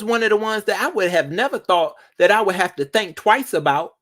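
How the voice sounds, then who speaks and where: A man's voice: sits high, lively intonation, fairly bright tone. Sassy, dramatic man ranting to viewers. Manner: sassy and dramatic, drawn-out emphasis. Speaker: vlogger. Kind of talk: casual commentary to viewers.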